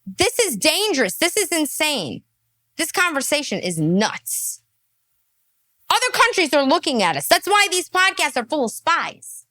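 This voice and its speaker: A woman's voice: sits high, sing-song, a little slow, sharp tone, no room sound, clean studio sound. A woman giving mocking, exasperated reaction commentary.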